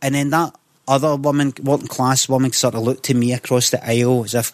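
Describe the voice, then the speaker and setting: A Scottish man telling an animated, sweary story in casual chat. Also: medium pitch, fast talker, no room sound.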